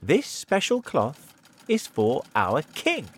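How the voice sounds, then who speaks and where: A man voicing a sly, clever tailor who coaxes and flatters a king in a told story. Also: a little high, takes it slowly, slight background noise, pitched above the performer's own voice, exaggerated voice. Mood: coaxing. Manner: coaxing and flattering.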